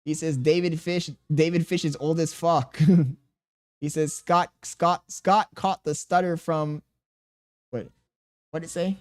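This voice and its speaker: A man in his thirties streaming live, reading viewers' chat aloud and answering with crude jokes and laughter. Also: on the high side. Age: 30s.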